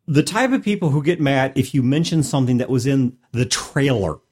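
A man's voice: medium pitch, animated, brisk, darkish tone. A man co-hosting a casual panel chat, telling anecdotes emphatically with insistent asides.

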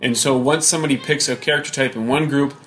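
A man's voice: mid-range voice, steady tone, quick pace, fairly bright tone, slight background noise. A man co-hosting a casual talk show about games, rambling with many fillers and restarts. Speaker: podcast co-host.

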